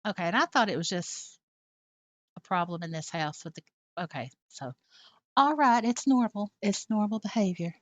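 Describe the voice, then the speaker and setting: A woman's voice: mid-range voice, moderate pace, dry recording, muffled recording. Chatty woman streaming from home. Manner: chatty, reads chat aloud, talks to her cat. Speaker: live streamer. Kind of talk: casual live stream chat.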